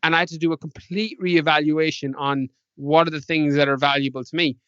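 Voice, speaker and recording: A man's voice: on the high side, fairly even intonation, a little fast, a bit bright, clear, resonant tone, dry recording. An Irish man, a podcast guest, telling stories in a casual interview and acting out past conversations with animation. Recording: dull lo-fi dry sound.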